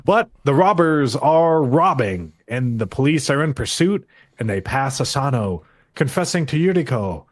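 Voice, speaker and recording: A man co-hosting a podcast, casually recapping an episode, acting out lines in quick mock voices and swearing freely. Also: mid-range voice, very animated. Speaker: podcast co-host.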